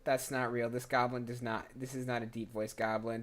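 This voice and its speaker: A voice actor streams his work and chats casually with viewers, running himself down in a self-deprecating way. His mid-range voice is level in tone, brisk and slightly bright, in the manner of a laid-back livestream chat.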